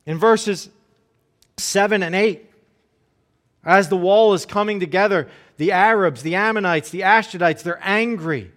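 High-voiced man preaching a sermon. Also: fairly bright tone. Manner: conversational preaching with frequent "right?" asides; briefly acts out the enemies' jeering quotes. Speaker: pastor.

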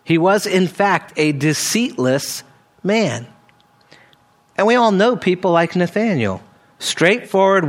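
Man, high voice, sermon, earnest Bible teaching, reads verses aloud, conversational asides. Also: fairly bright tone. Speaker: preacher.

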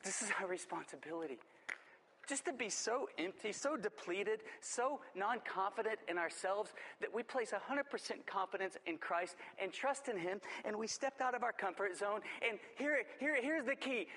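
Field: sermon. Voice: a fervent, higher-voiced male preacher. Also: animated, moderate pace, pushed and bright. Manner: fervent, emphatic exhortation.

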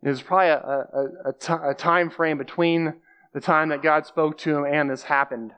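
A man's voice: a little high, steady tone, normal speed, a bit bright, clean tone, muffled recording. A man giving a conversational sermon, explaining scripture plainly and repeating key phrases for emphasis. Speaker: preacher.

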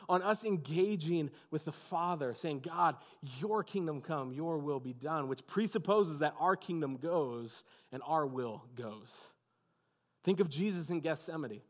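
Man, high voice, pastor, casual conversational sermon. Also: fairly bright tone. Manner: conversational preaching, many "like" and "you know what I mean".

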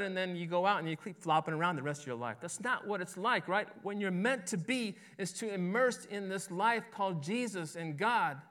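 Speaking as pastor, this man delivers a sermon in a high voice with a fairly bright tone. He talks conversationally, frequently tossing in "right?" to check on his listeners and repeating words along the way.

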